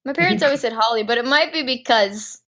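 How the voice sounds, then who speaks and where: A woman's voice: fairly high pitch, fast talker, a bit bright. A woman co-hosting a casual movie podcast, teasing her co-host and setting up silly scenarios. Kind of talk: casual chat.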